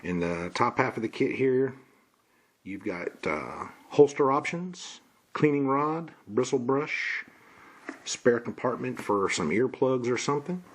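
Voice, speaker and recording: A man's voice: medium pitch, a little hiss or hum. A man casually walking through an unboxing, listing parts in a plain, matter-of-fact way. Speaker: gun reviewer.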